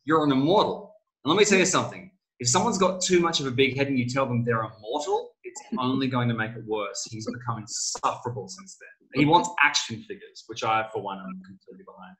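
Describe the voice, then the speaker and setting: A middle-aged man, an author talking as a guest in a casual interview, telling stories and acting out quotes with sudden jumps in pitch. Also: a little fast, few pauses, low-quality recording. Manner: animated storyteller, acts out quoted lines with big pitch jumps.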